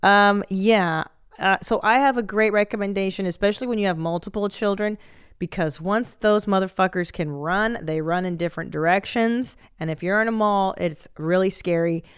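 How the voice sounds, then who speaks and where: A woman in her forties hosting a casual podcast for moms, blunt and profane, reacting loudly to stories. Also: mid-range voice, normal speed, smooth, no room sound, clean studio sound. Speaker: podcast host. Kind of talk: casual chat.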